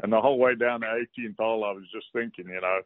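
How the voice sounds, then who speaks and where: A man from South Africa with a South African accent, a golfer guest telling relaxed anecdotes with salty language on a casual interview. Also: lowish voice, fast talker, no room sound. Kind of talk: casual storytelling. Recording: dry tinny phone line.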